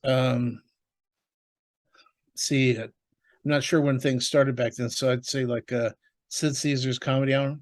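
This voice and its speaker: Brief: male co-host, mid-pitch, deadpan teasing quips, casual banter. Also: a little slow, pauses often. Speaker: podcast co-host. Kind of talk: casual chat.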